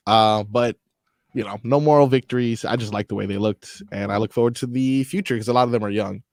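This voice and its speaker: A man co-hosting sports radio, measured and wry in casual banter. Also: fairly low pitch, a little mellow, dry recording, studio quality.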